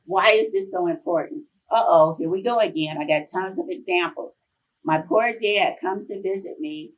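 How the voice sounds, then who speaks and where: A woman in her fifties, a professor giving a conference talk, telling chatty, animated personal stories to the audience. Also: fairly low pitch, moderate pace, far from the mic, rough recording. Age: 50s. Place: conference room.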